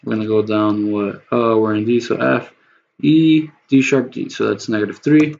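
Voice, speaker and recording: His voice is low, creaky, and a little mellow, with fairly even intonation and a moderate pace. He rambles profanely to his chat while producing music on a livestream, captured in slightly dull lo-fi audio with faint noise.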